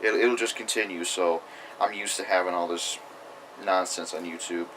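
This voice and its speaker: A man's voice: deep voice, fairly even intonation, moderate pace, sharp tone, slight background noise, rough recording. A young man ranting angrily to camera in a profane vlog, reading out comments and arguing back. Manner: reads comments aloud. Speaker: YouTuber. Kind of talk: angry vlog rant.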